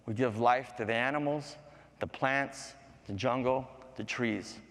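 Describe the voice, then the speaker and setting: A man voicing a calm chorus of raindrops who explain things plainly. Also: medium pitch, a little slow. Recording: long hall reverb.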